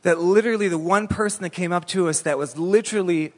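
A fairly high-voiced man preaches in an animated, storytelling way, full of casual "like"s. His voice carries with a long reverb through a large church hall. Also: quick pace. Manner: animated storytelling, colloquial with many "like"s. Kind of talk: sermon.

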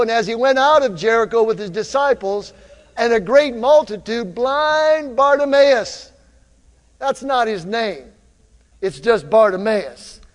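A male pastor preaching a lively sermon in a church, drawing the congregation into call-and-response. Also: high-pitched, in a large hall. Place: church sanctuary.

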